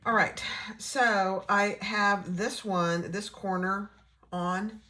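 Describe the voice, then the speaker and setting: A woman giving a casual sewing tutorial, relaxed and chatty, thinking aloud as she works. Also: medium pitch, slow pace. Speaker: sewing instructor.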